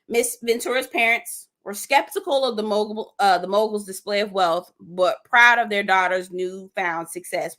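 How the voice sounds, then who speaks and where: A young woman, hosting a casual live stream, animated and cussing freely as she reacts and reads comments aloud. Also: medium pitch.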